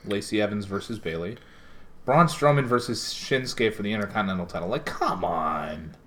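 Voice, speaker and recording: A man's voice: on the low side, lively intonation, quick pace, a bit bright. A man from Connecticut co-hosting a casual podcast chat, sarcastic and rambling, swearing often. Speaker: podcast co-host.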